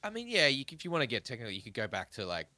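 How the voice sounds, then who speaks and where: A man's voice: mid-range voice, wildly swooping pitch, rapid-fire, pushed and bright, dry recording. A man in his thirties hosting a music podcast, talking in a casual, rambling way with plenty of swearing. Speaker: podcast host. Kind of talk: casual chat.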